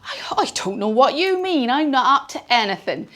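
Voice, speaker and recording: A woman voicing a big, kind male giant who speaks gently with muddled grammar in a children's story. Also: high voice, big pitch swings, normal speed. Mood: gentle.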